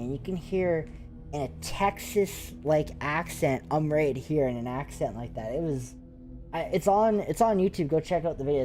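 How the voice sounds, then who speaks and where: A Canadian man with a slightly high voice hosts a paranormal investigation channel. In a casual live chat, he tells ghost stories, talking excitedly and ramblingly with lots of fillers.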